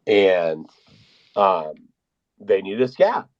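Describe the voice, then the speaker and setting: A man with a lowish voice spins a meandering, swear-heavy story in casual chat. His audio comes through a dull, lo-fi online stream. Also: lively intonation, extremely slow. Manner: rambling, profane storytelling. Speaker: podcast co-host.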